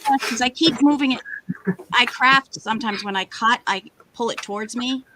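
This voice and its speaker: A woman's voice: on the high side, moderate pace. Boston woman chatting during a craft session. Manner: friendly, joking about herself. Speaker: live session participant. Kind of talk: casual chat while crafting. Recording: loud background noise.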